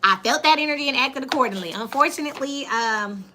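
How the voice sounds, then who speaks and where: A woman reads tarot in a loose, chatty monologue, blunt and plain-spoken as she talks straight to her viewers. Her voice is bright and forward, with a faint hiss behind it. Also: high voice, lively intonation, fast talker. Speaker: tarot reader. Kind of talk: casual tarot reading monologue.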